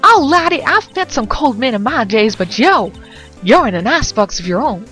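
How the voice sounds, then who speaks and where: A woman voicing a brash, pushy young photographer with a put-on Southern accent, loud and folksy. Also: on the high side, very animated, moderate pace, faint music behind, voice pushed up. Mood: brash, teasing.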